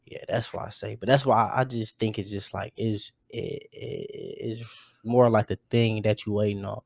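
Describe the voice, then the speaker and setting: A man hosting a podcast in casual chat, halting and searching for words, with many restarts. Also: fairly low pitch, steady tone, creaky, darkish tone, no echo, clean studio sound. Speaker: podcast host.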